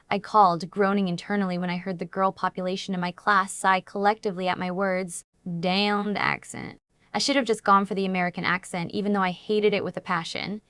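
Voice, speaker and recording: A woman reads a dramatic first-person story aloud as an audiobook narrator. Her pitch sits in the middle and her delivery stays even and steady. The recording is close and dry. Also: no room sound.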